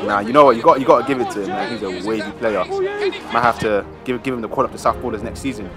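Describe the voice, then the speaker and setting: A man giving lively, slangy amateur commentary on his club's football match. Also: lowish voice, fast, over music, a crowd in the background. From South London. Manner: casual slang, cheering and groaning over plays.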